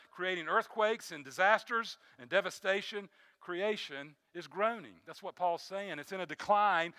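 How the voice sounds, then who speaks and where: A man preaching a sermon as pastor, building emphasis with frequent restarts and dropping to a soft low voice on key phrases. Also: dry recording.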